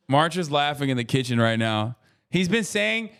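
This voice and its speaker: A man's voice: medium pitch, animated, fairly quick, clear, resonant tone. A man in his thirties talking casually on a livestream while reacting to a video, profane, rambling and sarcastic.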